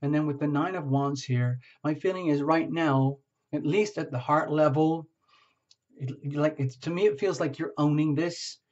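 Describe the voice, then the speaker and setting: A man giving a casual tarot reading, talking gently and rambling, often checking in with "okay?". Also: fairly high pitch, moderate pace, dull audio. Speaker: tarot reader.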